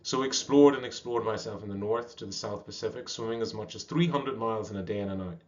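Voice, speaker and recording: Guy reading a story aloud, lowish voice, dull lo-fi audio. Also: fast. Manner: steady reading with small slips. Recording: dull lo-fi recording.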